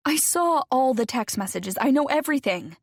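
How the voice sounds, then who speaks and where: A woman's voice: high voice, animated, moderate pace, dry recording, studio quality, voice pushed up. A woman voicing an agitated, accusing young wife who talks in an emphatic, hissing way.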